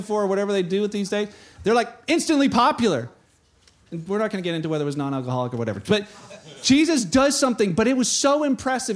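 Man, high-pitched voice, pastor, sermon, animated storyteller. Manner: animated storytelling, acts out voices of people in the scripture.

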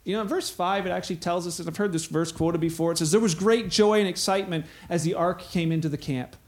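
A middle-aged man preaching a sermon, telling a story with animated, acted-out quotes. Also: high-pitched, fast. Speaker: pastor.

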